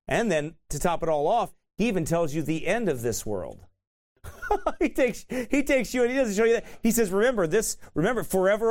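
A man's voice: sits high, a little mellow. A man teaching a sermon in a conversational way, often tossing in "right?" and laughing at himself. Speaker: pastor.

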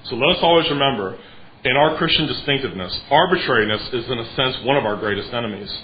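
A man preaching with earnest emphasis, often pausing to clear his throat. His voice sits at an ordinary middle pitch. The recording is a little dull and has a faint room ambience behind it. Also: lively intonation, slight background noise. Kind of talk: sermon.

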